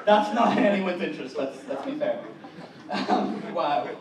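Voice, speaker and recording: Irish stand-up, high voice, wry rambling delivery, distant mic in a noisy room. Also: male voice, lively intonation, normal speed, reverberant. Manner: wry, rambling, self-correcting. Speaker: stand-up comedian. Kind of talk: stand-up comedy set. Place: large hotel conference hall.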